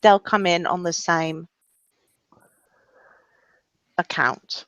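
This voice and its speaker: A woman's voice: lowish voice, unhurried, fairly bright tone, dry recording. A woman on an online call as a guest, cutting in to explain things insistently. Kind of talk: casual call-in chat. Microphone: computer mic on a video call. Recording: dull dry online call audio.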